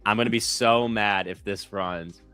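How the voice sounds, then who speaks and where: A man co-hosting a live trading stream, chatting casually and getting excitable and laughing over his trades. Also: on the low side, moderate pace, music in the background. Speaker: live trading show co-host. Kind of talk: casual chat.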